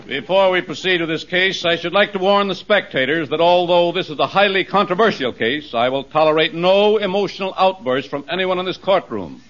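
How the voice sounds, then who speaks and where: Strict judge, formal and measured, highish voice, muffled old radio. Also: male voice, animated, fairly bright tone. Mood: stern. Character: stern courtroom judge. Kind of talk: 1940s radio comedy acting.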